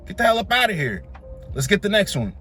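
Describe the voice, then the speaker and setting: Blunt, high-voiced man lecturing on dating. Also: sing-song, fast talker, pushed and bright, slightly rough. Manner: dismissive, lecturing, calls listeners bro. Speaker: dating commentator reacting to clips. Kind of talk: blunt reaction commentary.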